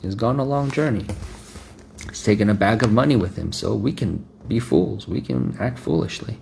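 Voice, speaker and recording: A man's voice: fairly low pitch, animated, moderate pace, a little mellow, a little hiss or hum. A man voicing a coaxing temptress. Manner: smooth, coaxing, mocking.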